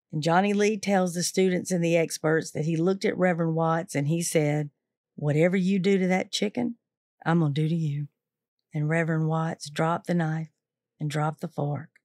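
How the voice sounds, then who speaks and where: A woman teacher retelling a true story to listeners, lively and acting out the quoted voices. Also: fairly low pitch, dry recording, clean studio sound.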